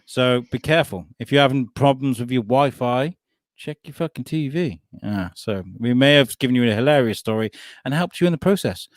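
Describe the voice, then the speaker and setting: A man's voice: medium pitch, brisk, no room sound. A man co-hosting a comedic news chat show, reading out headlines with jokes and swearing. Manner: jokey, reads headlines, swears. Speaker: co-host.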